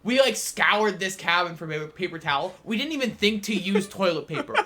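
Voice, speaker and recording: A young man with a high, sharp voice co-hosts a podcast, speaking fairly quickly with lively intonation. He tells a long anecdote in a rambling, casual way, filling it with fillers.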